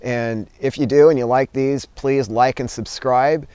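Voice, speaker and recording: A man telling a story and giving advice in a casual, relaxed way, with many fillers. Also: mid-range voice, measured pace, smooth, dry recording. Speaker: vlogger and teacher.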